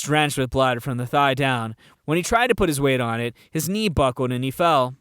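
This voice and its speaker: A man narrating a fan audiobook reading in a measured storytelling manner. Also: medium pitch, fairly bright tone, smooth, dry recording, studio quality.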